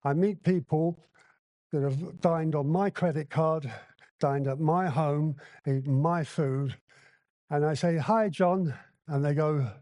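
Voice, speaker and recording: A man with a fairly high voice tells his recovery story with blunt candor, slipping into the voices of the people in it. The sound is close and dry, with little room around it. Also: steady tone, slow, mellow, no room sound. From Hong Kong. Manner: blunt, candid storytelling with acted-out dialogue. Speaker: recovery meeting speaker. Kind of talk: personal recovery share at a convention. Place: convention hall.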